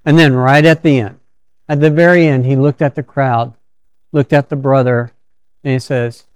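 Male preacher, mid pitch, smooth clear voice, dry close sound, casual storytelling sermon delivery. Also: steady tone, normal speed, no echo. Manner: conversational storytelling with frequent restarts.

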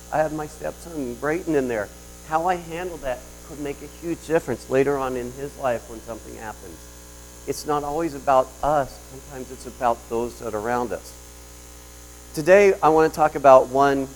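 A man's voice: medium pitch, a little hiss or hum, low-quality recording. A man delivering a sermon in a conversational storytelling way, telling a personal story with frequent restarts. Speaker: preacher.

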